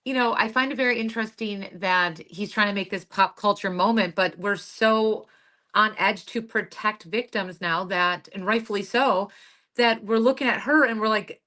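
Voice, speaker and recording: A woman's voice: medium pitch, normal speed, pushed and bright. A woman co-hosting a podcast, talking casually with lots of fillers and restarts. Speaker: podcast co-host. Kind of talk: casual chat.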